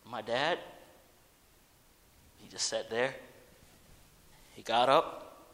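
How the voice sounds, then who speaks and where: A man preaching a sermon, moving from loud urgent appeals to quiet personal storytelling. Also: mid-range voice, very slow. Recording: long reverb of a large hall.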